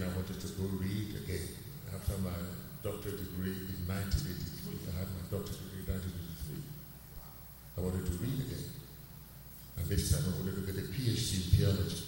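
A man, a pastor giving a personal faith testimony, earnest and slowly repeating his key phrases. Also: low voice. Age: 60s. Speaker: pastor and counselor. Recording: echoey hall, far from mic, faint noise.

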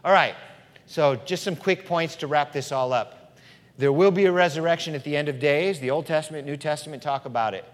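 A man preaching a sermon in a church, dramatic, swinging between loud passages and hushed ones. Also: mid-range voice, moderate pace. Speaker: pastor. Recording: long hall reverb.

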